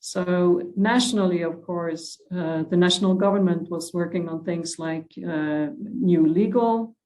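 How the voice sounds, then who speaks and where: A woman with a Dutch accent speaking as a panelist over a remote video call, soft-spoken and hesitant with many fillers. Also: fairly low pitch, unhurried, low-quality recording. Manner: soft-spoken, drops her voice. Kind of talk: panel discussion.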